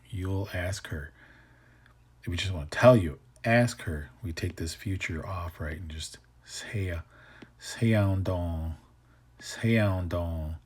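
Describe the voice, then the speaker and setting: A man's voice: low-pitched, husky. A man teaching language grammar in a casual way, thinking aloud and sometimes dropping to a whisper to say example words. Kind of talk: explaining grammar with slides.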